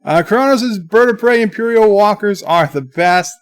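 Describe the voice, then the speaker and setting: A man hosting a livestream, reading viewer chat comments aloud in a chatty, halting way. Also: high-pitched, expressive. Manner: chatty, halting, with many restarts. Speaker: livestream host.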